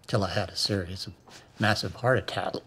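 An actor playing a bitter, dying male classics professor who talks in a quiet, probing way. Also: low voice, fairly even intonation, a little fast, a little hiss or hum. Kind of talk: TV drama acting.

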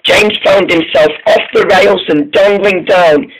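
A man's voice: high voice, unhurried, few pauses, fairly bright tone, low-quality recording. A man telling an improvised story about steam engines, often stumbling and restarting his sentences.

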